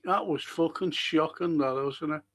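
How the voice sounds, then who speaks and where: A man with a Liverpool accent, streaming live as he watches a football match, reading out viewer comments and swearing at the players in bursts of excitement. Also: fairly high pitch, moderate pace.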